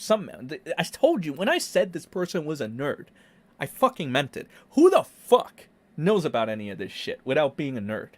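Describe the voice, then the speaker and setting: A man's voice: a little high, sing-song, normal speed. A young man ranting sarcastically as a casual online commentator, swearing freely. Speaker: YouTube commentator.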